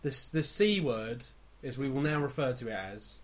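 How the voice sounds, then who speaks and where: A man's voice: medium pitch, lively intonation, moderate pace, a little hiss or hum. An English man hosting a casual podcast, rambling through a story and acting out the people in it. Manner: rambling storyteller, acts out voices. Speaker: podcast host.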